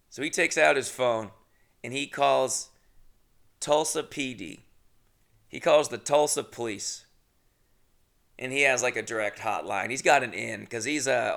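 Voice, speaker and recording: A man's voice: mid-range voice, fairly even intonation, unhurried, creaky, pauses often, fairly bright tone. A young adult man hosting a podcast, telling a rambling, comedic story about himself, swearing often and laughing at his own mishaps. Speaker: podcast host.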